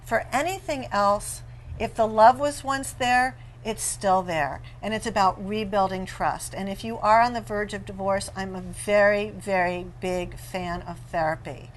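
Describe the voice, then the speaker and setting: A woman author, a guest in an interview, telling animated and playful stories about marriage. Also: mid-range voice, unhurried, a little hiss or hum, rough recording. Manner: animated storyteller, playful and laughing. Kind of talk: conversational interview.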